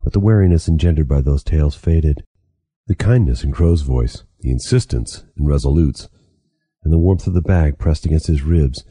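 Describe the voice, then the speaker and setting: A man, the author, reading his own novel aloud in a steady, even audiobook narration. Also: a bass voice, slightly rough, dry recording.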